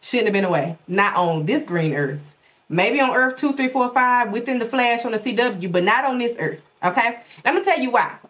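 A woman hosting her own show, talking casually and animatedly straight to her viewers, swooping her pitch for emphasis. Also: moderate pace. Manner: animated, folksy, talks straight to her audience. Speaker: podcast host.

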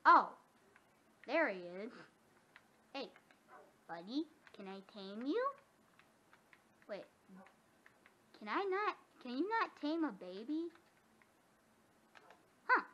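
Excitable high-voiced woman gamer. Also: slow pace, pauses often. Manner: excitable, gasping and squealing at animals. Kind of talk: casual gameplay commentary. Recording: dull lo-fi sound with faint noise.

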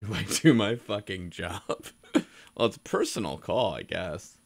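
A man's voice: lowish voice, expressive, a little slow, vocal fry. A man casually commenting on a game he is streaming, joking and swearing freely. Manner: joking, profane, laughs often.

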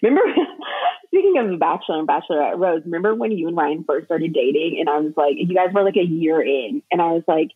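A young woman chatting as a podcast guest, talking freely with lots of fillers and quick laughs. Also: low-pitched, lively intonation, husky, dry recording. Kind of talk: casual chat. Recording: tinny phone-like line.

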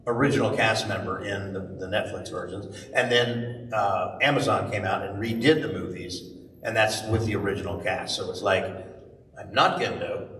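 A middle-aged man, a voice actor at a convention Q&A, telling animated stories and jumping into high voices for the people he quotes. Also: moderate pace. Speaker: convention panel guest, voice actor. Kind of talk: live convention Q&A storytelling. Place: large convention hall. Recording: echoey hall, far from mic, faint hiss.

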